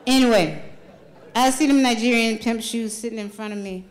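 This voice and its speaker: A woman's voice: fairly high pitch, moderate pace, some chatter behind. A woman telling a funny true story on stage at a live storytelling night, laughing through her lines and swearing freely. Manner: animated, laughs through lines, salty language. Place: stage at a live venue with an audience.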